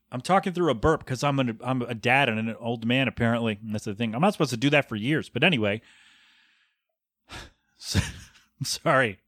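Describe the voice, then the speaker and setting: A man's voice: mid-range voice, a bit bright, no room sound, studio quality. A man in his thirties hosting a solo podcast, rambling and sarcastic as he mocks a bad review in mock-professional tones. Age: 30s. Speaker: podcast host. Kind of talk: casual solo podcast rant. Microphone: podcast microphone.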